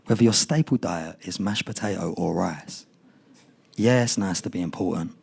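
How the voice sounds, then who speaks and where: A man's voice: deep voice, normal speed, vocal fry, a little mellow, slightly rough, no echo. A young man performing spoken word poetry live, chatty and rambling between poems, rhythmic when reciting. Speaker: performing poet. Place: indoor poetry night venue.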